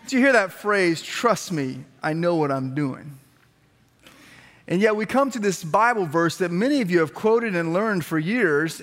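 A man preaching a sermon as a pastor, telling stories in a lively, conversational way with repeated phrases, speaking to a congregation in a church. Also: sits high. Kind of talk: storytelling sermon. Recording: long reverb of a large hall.

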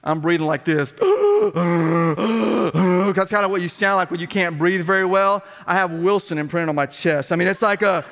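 Man, pastor, conversational sermon, animated storytelling, high-pitched, long hall reverb. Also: normal speed, hardly any pauses. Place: church sanctuary with congregation.

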